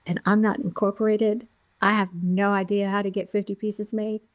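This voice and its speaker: A woman's voice: medium pitch, moderate pace, dry recording. Middle-aged woman on a podcast, acts out every quote, dry close mic. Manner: animated storyteller, acting out quotes. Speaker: podcast guest, jewelry founder. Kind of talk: storytelling interview.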